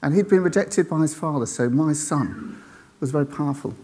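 A man tells a faith story to an audience, animated and acting out the voices of the people in it. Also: fairly high pitch, a little fast, breathy edge. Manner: animated, acts out quoted voices, checks in with "right?".

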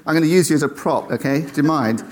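A man tells a faith story to an audience, animated and acting out the voices of the people in it. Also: a little high, fast. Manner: animated, acts out quoted voices, checks in with "right?".

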